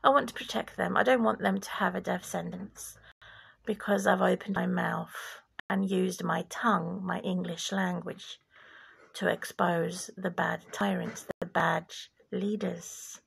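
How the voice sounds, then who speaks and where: A woman from former Yugoslavia delivers a slow, deliberate religious monologue with a preachy edge. Her voice is deeply gravelly and creaky, and she speaks at an unhurried, measured pace, sometimes sinking into a whisper. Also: fairly even intonation, a bit bright. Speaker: vlogger.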